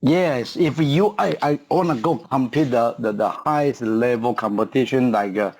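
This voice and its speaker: Halting man in his fifties, English. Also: mid-range voice, a little mellow. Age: 50s. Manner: halting, searches for English words with many fillers and restarts. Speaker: guest, martial arts coach. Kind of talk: podcast interview.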